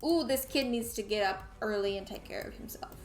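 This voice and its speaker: Medium in pitch and a little fast, the young Tennessee woman talks casually while she plays, her Southern accent carrying through as she speaks to chat and to the game itself. The recording has a roomy echo with faint music.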